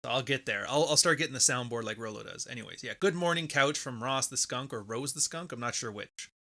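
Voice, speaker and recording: A man's voice: medium pitch, quick pace, pushed and bright. A man hosting a podcast livestream, talking casually and rambling as he reads out viewer messages on a close microphone. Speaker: podcast host.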